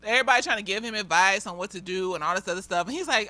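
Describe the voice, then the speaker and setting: A slightly tipsy woman therapist giving a casual, profane review with lots of giggling and animated storytelling. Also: mid-range voice, very fast, dry recording.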